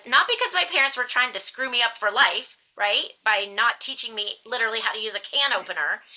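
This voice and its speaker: A middle-aged woman, a dietitian guest on a podcast, telling stories in a casual, animated way and acting out the voices she quotes. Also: medium pitch, highs cut off. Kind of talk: casual storytelling interview.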